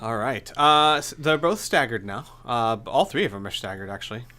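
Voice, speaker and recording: A man's voice: mid-range voice, expressive, fairly quick, pushed and bright. A man running a tabletop role-playing game as game master, making rulings in a laid-back way and chuckling as he goes.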